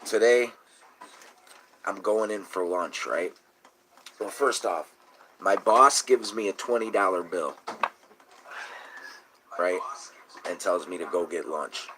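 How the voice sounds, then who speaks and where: A man's voice: deep voice, slow pace, long pauses, slight background noise. A man telling a long, profane, indignant story in casual talk. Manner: indignant, profane, rising to shouting. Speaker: host.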